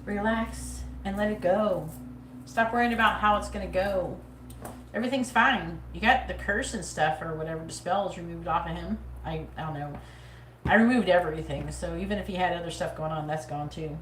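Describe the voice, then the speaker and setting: A woman's voice: fairly low pitch, normal speed, slight background noise. A woman hosting a live psychic reading, talking bluntly and profanely in a sassy, casual way. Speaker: psychic livestream host. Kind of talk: live tarot reading chat. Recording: echoey room, mic at a distance.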